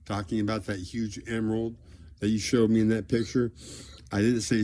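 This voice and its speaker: A man rambling grandly in a direct-to-camera monologue, drifting between loud declarations and low mumbles. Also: flat delivery, normal speed, a little hiss or hum. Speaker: vlogger addressing a celebrity.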